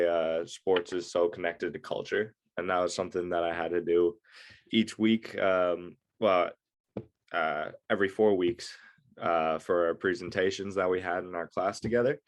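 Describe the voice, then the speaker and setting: A young man with a very low, deep voice talks with a congested, stuffed-up nose. He hosts a casual chat, hesitating often with ums and uhs. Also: steady tone, moderate pace. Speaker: co-host.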